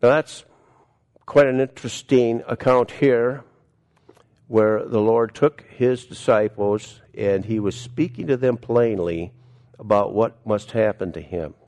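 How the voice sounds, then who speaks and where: A man preaching a sermon, reading scripture aloud and then explaining it in an earnest, deliberate way, often asking his listeners rhetorical questions. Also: lowish voice, a little mellow. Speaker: pastor.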